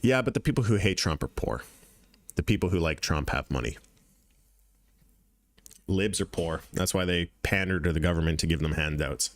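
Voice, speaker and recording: A man's voice: low-pitched, normal speed, long pauses. A man hosting a crypto trading channel, giving casual market commentary over charts in a blunt, profane way, repeating points for emphasis.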